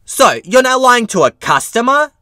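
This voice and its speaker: A man's voice: extremely high pitch, sing-song, normal speed, bright, forceful tone, dry recording, clean studio sound, voice pushed up, heavily acted. A man voicing a pushy, entitled middle-aged mother who argues indignantly with a cashier. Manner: indignant, demanding, screaming at times.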